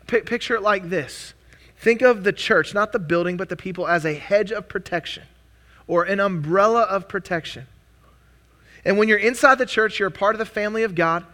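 A young man delivers a sermon, his voice pitched high and ringing bright. He preaches earnestly but conversationally, stumbling and restarting phrases as he goes. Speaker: pastor.

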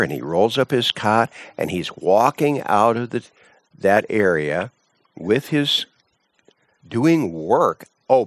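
A man's voice: fairly low pitch, no room sound. A man teaching from the Bible, emphatic, often repeating words and restarting phrases.

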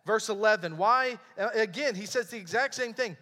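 A man preaching a sermon, reading scripture and explaining it in an earnest, emphatic way with dramatic pauses. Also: sits high, animated, pushed and bright. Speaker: pastor. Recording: long hall reverb.

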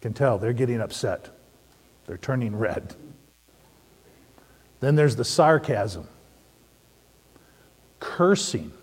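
A middle-aged man preaching a sermon, telling stories and asking the audience questions in an animated way. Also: medium pitch, slow, pauses often, husky. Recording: long hall reverb.

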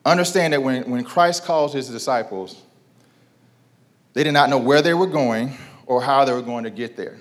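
A man in his thirties delivering a sermon in a relaxed, conversational way. He leans on rhetorical questions and repeats his key lines. He draws call-and-response from the congregation. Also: mid-range voice, normal speed. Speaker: pastor.

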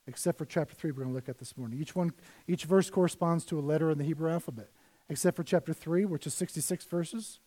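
Male pastor, high voice, casual preaching with loud and soft swings. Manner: conversational preaching, rises and drops in volume. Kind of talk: sermon.

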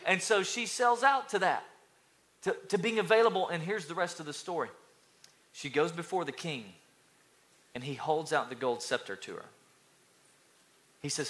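A male pastor preaching an energetic sermon, calling out to the congregation and building to loud, fired-up passages. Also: on the high side, moderate pace, long pauses.

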